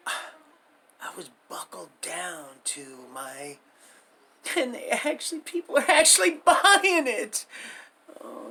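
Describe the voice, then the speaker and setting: A man's voice: on the high side, sharp tone, slight background noise. A middle-aged man hosting a livestream, telling his life story in a rambling, folksy way and drifting into preaching at his viewers. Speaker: livestream host.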